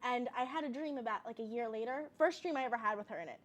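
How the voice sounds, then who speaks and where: A young woman chatting in an interview as a guest, an animated storyteller. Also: a little high, fast. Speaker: guest, cooking show host. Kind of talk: casual interview chat.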